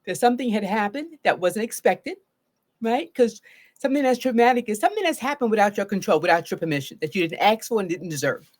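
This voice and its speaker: A woman's voice: medium pitch, expressive, quick pace, a little mellow. A middle-aged woman therapist giving a live solo talk about trauma. She speaks earnestly and often checks in with "right?".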